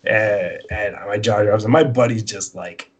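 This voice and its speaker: A man's voice: fairly low pitch, a little slow, slightly rough. A man casually telling a long personal story, acting out both sides of the dialogue in a rambling way.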